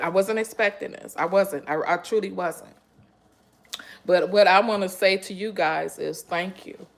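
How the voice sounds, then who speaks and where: An unhurried cooking host with a medium-pitched voice addresses her live-stream audience from her kitchen at home. She gets emotional with viewers and lets out breathy exclamations.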